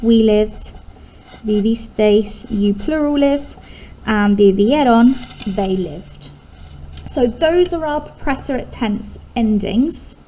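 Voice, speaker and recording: A woman's voice: fairly high pitch, warm tone, slight background noise, rough recording. An English woman teaching a recorded lesson, explaining patiently step by step and stressing key syllables.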